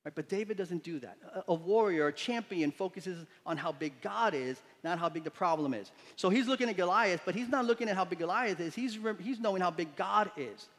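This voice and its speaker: A man preaching to his congregation in a sanctuary with a long, ringing reverb. His voice sits a little higher than most men's, and he brings his stories to life by acting out the people in them. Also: brisk, hardly any pauses. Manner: animated storytelling, acts out quotes with voices. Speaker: pastor. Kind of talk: sermon. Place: church sanctuary.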